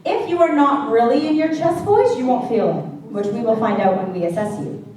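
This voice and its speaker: A woman's voice: fairly high pitch, expressive, a little fast, dark tone. Woman teaching a singing class, chatty, sounds far off in an echoey hall with faint noise. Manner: demonstrates by singing vocal exercises. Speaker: vocal coach. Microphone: handheld mic.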